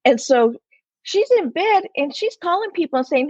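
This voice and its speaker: A woman in her sixties, an interview guest, telling a personal story in an animated way and acting out the voices in it. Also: extremely high pitch, moderate pace, dry recording. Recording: slightly muffled, lo-fi.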